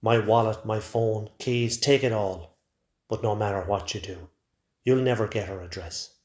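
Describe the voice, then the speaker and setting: A man's voice: fairly low pitch, measured pace, darkish tone, close to an everyday voice. A man voicing a frightened father, pleading under threat. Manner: pleading, strained. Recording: roomy echo.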